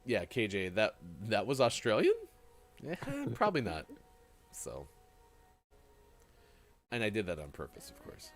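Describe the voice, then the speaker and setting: On a casual live-stream radio morning show, a man chats and jokes with his co-host, lively and rambling. He speaks unhurriedly in a lowish voice, pausing often, over soft background music.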